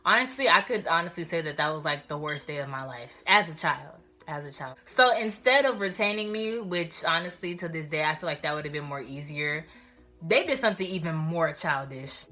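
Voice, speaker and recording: A young woman telling a storytime vlog in an animated, slangy way, talking straight to her viewers. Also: low-pitched, fairly quick, soft background music. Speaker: vlogger.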